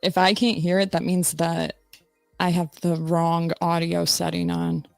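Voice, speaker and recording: A woman's voice: fairly low pitch, little pitch movement, measured pace, vocal fry, darkish tone, dry recording, faint music behind. A woman hosting a casual livestream, chatting loosely with viewers while she fiddles with her audio settings. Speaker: livestream host.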